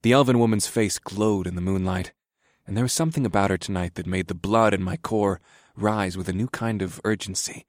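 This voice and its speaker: A man narrating an erotic story in the first person, in a steady, subdued reading voice. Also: fairly low pitch, a little fast, no room sound, clean studio sound.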